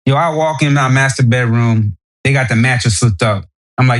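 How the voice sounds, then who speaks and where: A Navy sailor appears as a guest on a podcast, speaking in a medium-pitched, brisk voice with a New Orleans accent. He chats casually and tells stories in an easygoing manner, growing animated as each tale unfolds.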